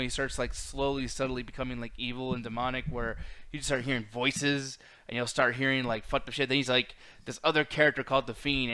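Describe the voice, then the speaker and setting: A man's voice: mid-range voice, a bit bright, clean tone. A man co-hosting a casual pop-culture podcast, emphatic and swearing freely, reading chat comments aloud. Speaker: podcast co-host.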